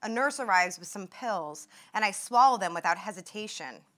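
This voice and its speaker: A woman's voice: mid-range voice, expressive, normal speed, a bit bright. A woman in her twenties giving a talk, reading passages from her memoir aloud and acting out the quoted outbursts with rising intensity. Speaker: invited speaker at a medical grand rounds.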